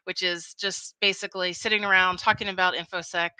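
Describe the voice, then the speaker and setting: A woman with a Philadelphia accent chatting as an interview guest, upbeat and quick to laugh. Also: on the low side, little pitch movement, sharp tone, a little hiss or hum, low-quality recording. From Philadelphia, United States. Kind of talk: casual interview chat.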